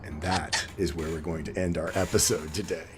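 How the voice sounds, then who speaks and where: A man's voice: low voice, steady tone, fairly quick, very noisy. A man narrating and hosting as game master of a tabletop role-play stream. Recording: faint background music.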